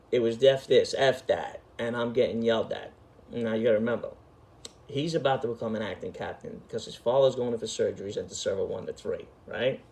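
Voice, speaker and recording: A man's voice: on the low side, gravelly, darkish tone. New guy, middle-aged, telling a story, swears constantly, talks street. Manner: profane, emphatic, street-talking. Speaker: storyteller host. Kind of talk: casual storytelling.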